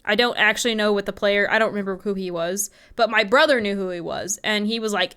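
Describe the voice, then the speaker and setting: A woman co-hosting a podcast in casual chat, telling stories in an animated way and swearing often. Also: medium pitch, quick pace, few pauses, clear, resonant tone. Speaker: podcast co-host.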